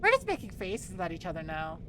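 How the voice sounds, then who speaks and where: A woman's voice: fairly low pitch, wildly swooping pitch, a little fast, sharp tone, a little hiss or hum. A woman streaming a game, chatting casually with friends and laughing easily. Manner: giggly, easily amused. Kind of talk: casual gameplay chat.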